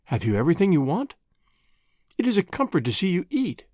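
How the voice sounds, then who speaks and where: A soft, tender middle-aged mother in a storybook reading, as a narrator puts her on, her voice rising and falling in wide arcs. The sound is dry and close. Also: mid-range voice, sing-song, brisk, no room sound. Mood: gentle. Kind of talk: reading a classic short story aloud.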